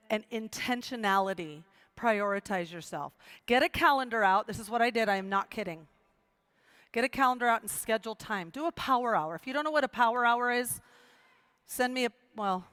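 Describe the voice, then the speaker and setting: A middle-aged woman with a high voice gives an emphatic motivational speech to a live audience. She repeats key phrases for effect and acts out quoted dialogue as she tells her story. The sound is dry and close, with little room echo. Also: a bit bright, smooth. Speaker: motivational speaker.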